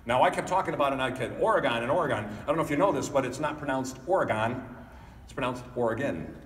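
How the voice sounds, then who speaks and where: A man with a medium-pitched voice races through a motivational keynote at a conference, telling animated stories and speaking straight to the audience. The recording picks him up from a distance in an echoey hall.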